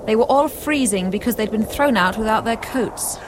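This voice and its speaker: Woman, narrator, bossy, firm, slightly high pitch, scripted comic reading. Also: normal speed, noisy background.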